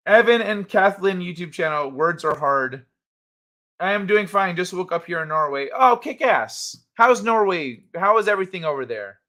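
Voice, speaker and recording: A man's voice: sits high, animated, measured pace, pauses often, sharp tone. A man hosting a casual livestream, reading chat and ranting in a heated, blunt, profane way.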